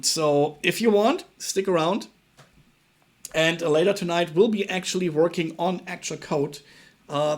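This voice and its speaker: Young German-accented man, slightly high voice, casual halting live-coding tutor. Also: fairly bright tone. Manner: halting, repeats words, thinks aloud while working. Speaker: livestream programming tutor.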